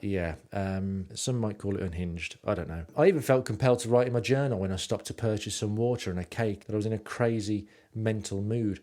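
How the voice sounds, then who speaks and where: A man's voice: lowish voice, a little mellow. A man narrating his travel stories in a rambling, self-mocking way with lots of ums. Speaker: podcast host and narrator.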